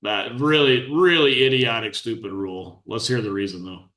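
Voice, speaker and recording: A man's voice: mid-range voice, normal speed, bright, forceful tone, echoey room. A middle-aged man, a podcast host, giving blunt, scornful commentary on a clip.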